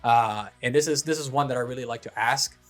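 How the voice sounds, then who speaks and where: A man co-hosting a casual podcast, asking questions in a relaxed, thoughtful way. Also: medium pitch, brisk, soft background music. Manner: relaxed, thoughtful, uses fillers. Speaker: podcast co-host. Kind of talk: casual chat.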